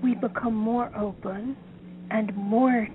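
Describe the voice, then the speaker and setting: Woman author musing slowly, kinda high voice, thin phone-line sound. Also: steady tone. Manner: slow, thoughtful, musing. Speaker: author guest. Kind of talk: reflective interview talk. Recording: tinny phone line, faint noise.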